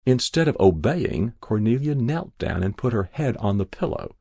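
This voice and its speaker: Man reading a story aloud, husky, dry close sound. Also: mid-range voice, animated, moderate pace, few pauses, warm tone, dry recording. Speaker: narrator. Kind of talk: scripted narration.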